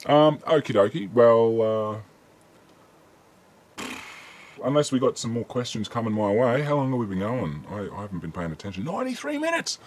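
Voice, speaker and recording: A man's voice: lowish voice, normal speed, long pauses, a little mellow, slight background noise. An Australian man hosting a casual live-stream Q&A, chatting easily and reading viewer questions aloud with frequent ums.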